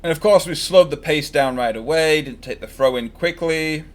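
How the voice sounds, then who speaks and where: A man's voice: a little high, moderate pace. Chatty man streaming a football watchalong. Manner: chatty, joking, fan-biased predictions. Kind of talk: casual live match commentary.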